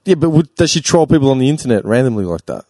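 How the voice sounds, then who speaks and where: Man, mid pitch, lively intonation, opinionated rambling, dry close mic. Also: fast, no room sound. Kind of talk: casual chat.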